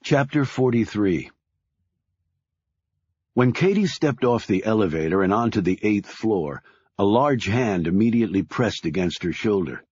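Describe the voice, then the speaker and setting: A man giving measured, deliberate scripted audiobook narration. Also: fairly low pitch, expressive, a little mellow, husky, no room sound, highs cut off.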